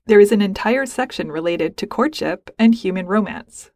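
A woman's voice: medium pitch, animated, normal speed, darkish tone, no echo, close to an everyday voice. Woman voicing a formal young alien cadet, precise, unemotional, dry close sound.

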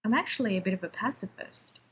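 Brief: nervous, prickly male scientist, read by a woman, rambles with sarcasm, fast and wordy. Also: medium pitch, expressive, slight background noise, close to an everyday voice. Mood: nervous rambling. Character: anxious, prickly male scientist defusing a bomb.

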